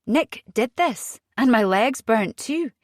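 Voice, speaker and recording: A woman voicing an agitated young Scottish mother in an audiobook, speaking urgently with a rising pitch. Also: animated, takes it slowly, no room sound, clean studio sound.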